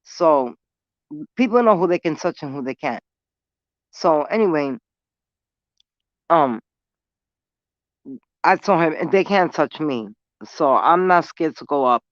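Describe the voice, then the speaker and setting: A woman's voice: low voice, expressive, slow, pauses often, no echo, lo-fi sound. A woman from New City, telling a story in blunt, profane street talk while smoking. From New York City. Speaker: vlogger. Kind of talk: casual storytelling.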